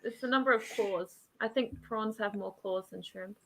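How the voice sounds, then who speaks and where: A young Australian woman, a theatre actor guest, chatting brightly and laughing through her words. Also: mid-range voice, moderate pace, gravelly, slight background noise. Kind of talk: casual chat.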